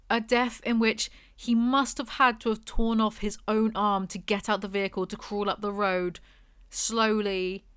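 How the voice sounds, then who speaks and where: A woman's voice: medium pitch, fairly bright tone, smooth, dry recording, clean studio sound. A young woman reviewing a book with snarky, exasperated, mocking commentary.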